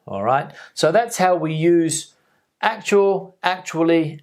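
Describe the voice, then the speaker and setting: A man's voice: fairly high pitch, slow, a little mellow, faint music behind. A man teaching an English vocabulary lesson, patiently repeating example sentences and checking in with "okay?". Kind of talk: video lesson explaining vocabulary.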